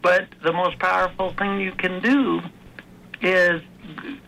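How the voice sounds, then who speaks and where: A man with a fairly high, bright and gravelly voice talks earnestly as an interview guest, stopping and restarting as he tells his story. His tone is forceful and tense. A faint hiss sits under the recording. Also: flat delivery, slow pace, poor audio. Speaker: author and guest. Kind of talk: conversational interview.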